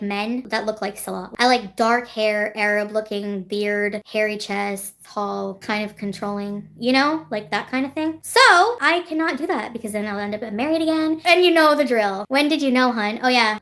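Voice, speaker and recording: A woman's voice: fairly high pitch, a bit bright. A woman vlogger chatting casually on a livestream, rambling, swearing freely and laughing often as she answers her chat. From Canada.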